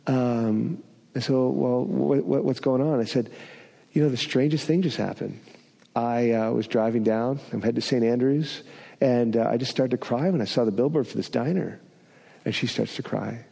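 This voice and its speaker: A man's voice: medium pitch, creaky, mellow, big-room sound. A man preaching a sermon, telling a personal story with self-deprecating humor.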